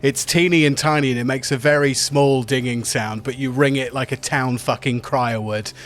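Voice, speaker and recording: A man's voice: medium pitch, steady tone, moderate pace, fairly bright tone, slight background noise. A man narrating as game master for a tabletop game, playful and teasing, describing scenes vividly.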